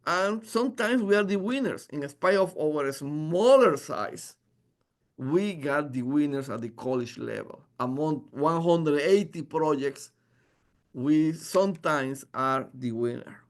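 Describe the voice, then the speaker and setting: A man presenting his engineering department as a faculty member, earnest and halting with frequent restarts. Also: fairly high pitch, animated. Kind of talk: informational presentation.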